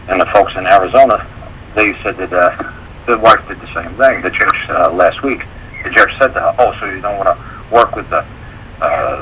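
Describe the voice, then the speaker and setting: A man's voice: lowish voice, bright, forceful tone, a little hiss or hum, low-quality recording. A man hosting a radio talk show, telling stories in a rambling way and acting out the dialogue he quotes.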